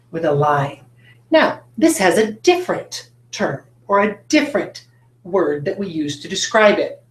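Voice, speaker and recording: A woman teacher leads a recorded phonics lesson in a classroom, upbeat and direct with her students. Her voice sits fairly low. The room around her is echoey, picked up by a camera mic. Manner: upbeat, talks straight to students with frequent checks like "right?". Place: classroom with a whiteboard.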